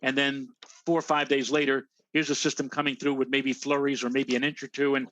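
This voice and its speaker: A man's voice: mid-range voice, level tone, brisk, fairly bright tone, no room sound. A man co-hosting a casual weather show, chatting loosely with plenty of fillers. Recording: dry, dull lo-fi audio.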